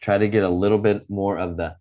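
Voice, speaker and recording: A very low-voiced male English teacher runs an online lesson, saying words slowly and distinctly for his students to echo. He keeps a steady tone and sounds patient, encouraging, and practiced at drilling vocabulary, though the sound is lo-fi.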